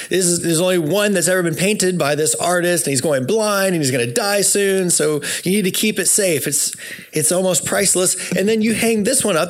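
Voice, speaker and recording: Male preacher, fairly high voice, reflective sermon delivery, slows down on key words. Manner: reflective, asks listeners to picture things, slows down for emphasis. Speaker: pastor.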